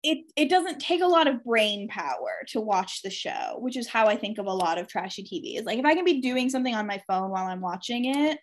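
A woman's voice: fairly high pitch, expressive, fairly quick, few pauses. A young woman hosting a casual podcast, sharing her opinions in a chatty, filler-heavy way. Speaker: podcast host. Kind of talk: casual chat.

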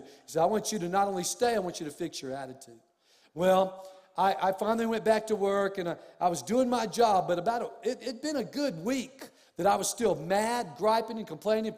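High-voiced preacher in a reverberant hall. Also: male voice. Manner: storytelling preacher, rising to emphatic shouts. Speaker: pastor. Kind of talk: sermon. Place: church sanctuary. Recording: long reverb of a church hall.

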